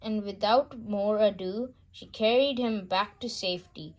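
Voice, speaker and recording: Slow-reading woman storyteller. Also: mid-range voice. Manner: slow, gentle reading with small slips. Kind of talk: children's bedtime story read-aloud.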